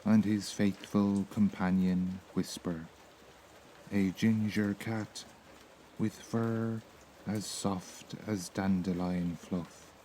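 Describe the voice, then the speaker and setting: A man with an Irish accent reading a sleep story in a soft, slow, soothing voice. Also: low voice, little pitch movement, a little hiss or hum, rough recording. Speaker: narrator.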